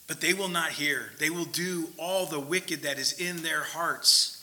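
A male preacher with a high voice and a very bright, sharp tone. He gives a conversational sermon, checks in with his listeners as he goes, and swings between loud emphatic points and quiet asides. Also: unhurried, few pauses, rough recording.

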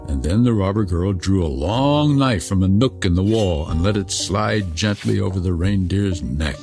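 A man narrating a fairy tale in an expressive, dramatic storybook reading. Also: low voice, normal speed, hardly any pauses. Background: soft music.

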